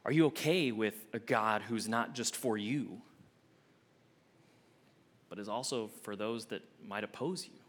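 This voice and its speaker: A young adult man, an associate minister, preaching a sermon with expressive swings from emphatic to hushed. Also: fairly low pitch, measured pace, long pauses.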